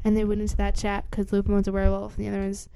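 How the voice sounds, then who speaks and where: Racing along in a smooth monotone, a woman with a mellow, soft-edged, mid-pitched voice chats through the plot of a book. She uses lots of fillers and slips into small acted-out lines as she goes.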